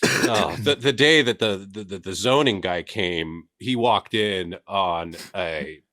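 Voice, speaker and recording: An actor playing a bumbling grown man who runs an adult-baby spa, rambling with many halting restarts. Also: deep voice, sharp tone, no room sound, studio quality, heavily acted. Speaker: diaper spa partner, podcast guest. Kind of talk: improvised comedy character.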